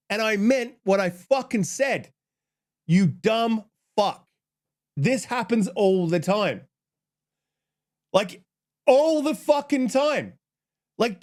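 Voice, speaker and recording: A man with a high-pitched voice hosts his channel, worked up and exasperated. He swears freely as he picks apart an online argument, dropping into a flatter tone when he reads the other side's tweets aloud. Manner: heated, profane, exasperated. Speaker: channel host. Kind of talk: ranting commentary.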